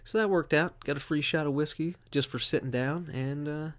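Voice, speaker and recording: A man's voice: fairly high pitch, normal speed. A man hosting a solo podcast, telling rambling, profane stories with lots of fillers. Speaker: podcast host. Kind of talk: casual solo podcast monologue.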